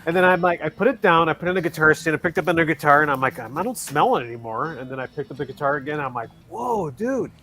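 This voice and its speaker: Male host, chatty and animated, acting out quotes, voice a bit high. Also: racing, hardly any pauses. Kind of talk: casual chat. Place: Chicago.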